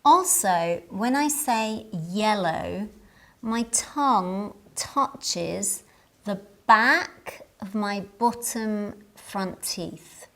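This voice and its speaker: A woman teaching English in a scripted lesson. She speaks at an extremely unhurried pace and shapes each word with care. Her pitch sits in a middle range. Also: a bit bright. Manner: careful, deliberate enunciation.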